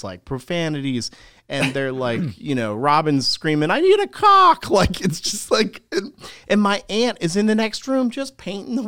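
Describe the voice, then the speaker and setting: A man co-hosting a loose, casual podcast, telling meandering anecdotes laced with crude humor. His pitch sits mid-range. The sound is dry and close. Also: dry recording. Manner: rambling storyteller, crude jokes. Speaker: podcast co-host.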